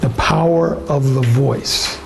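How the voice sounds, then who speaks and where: A man's voice: medium pitch, takes it slowly, creaky, a little hiss or hum. A man giving a workshop presentation in a blunt, emphatic way. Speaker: workshop speaker. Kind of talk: seminar presentation. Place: conference room.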